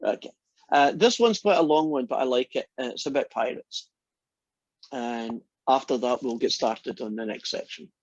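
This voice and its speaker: Husky chatty teacher on a call. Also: medium pitch, normal speed, no room sound, highs cut off. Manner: chatty, encouraging, laughs easily. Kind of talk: online class, casual joke telling.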